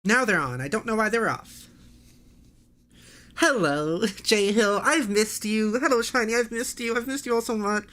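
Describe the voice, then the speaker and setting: A woman's voice: on the high side, normal speed, fairly bright tone. A woman streamer in a casual livestream chat, ranting in an exasperated way, swearing and laughing often.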